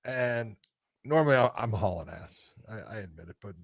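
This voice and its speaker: A man's voice: on the low side, normal speed, gravelly, no room sound, studio quality. A man co-hosting a podcast, telling a story in casual chat, laughing as he talks and acting out the quotes. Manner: animated storyteller, laughs mid-sentence, acts out quotes. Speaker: podcast co-host.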